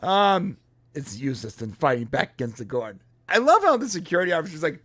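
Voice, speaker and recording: A man co-hosts a casual review chat with a lively, swooping voice that sits a little high. He jokes a lot and jumps into quick voices to act out scenes. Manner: jokey, acts out scenes in quoted voices, laughs often. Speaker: podcast co-host.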